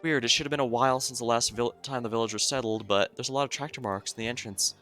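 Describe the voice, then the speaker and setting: A man's voice: mid-range voice, fairly even intonation, fast, sharp tone, faint music behind, lightly acted. A man voicing a guarded young woman investigator, reading a game story aloud in a brooding, suspicious way. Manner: brooding, suspicious, then accusing.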